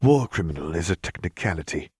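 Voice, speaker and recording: A man voicing a raspy, sinister mad chemist. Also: sits low, lively intonation, unhurried, dry recording, studio quality, exaggerated voice. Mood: sly menace. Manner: sly, casual menace. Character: towering menacing male mad chemist, raspy. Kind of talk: audiobook character voice.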